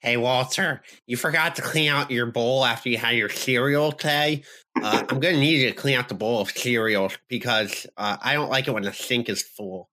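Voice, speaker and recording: A man's voice: medium pitch, moderate pace, sharp tone, voice pushed up, lightly acted. Man doing a fussy nagging roommate demon. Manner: prissy, complaining.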